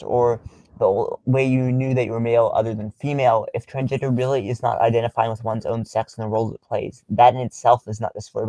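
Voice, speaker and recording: A young man hosting a casual livestream, reading viewer comments aloud in a halting way with many filler ums and small chuckles. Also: medium pitch, dark tone, no room sound, poor audio.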